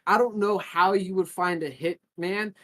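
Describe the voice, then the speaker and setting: A man's voice: sits high, steady tone, unhurried, fairly bright tone. A man co-hosting a podcast, talking casually in long rambling runs with frequent restarts and a gloomy, nihilistic outlook. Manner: rambling, self-described nihilistic, restarts often. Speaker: podcast co-host.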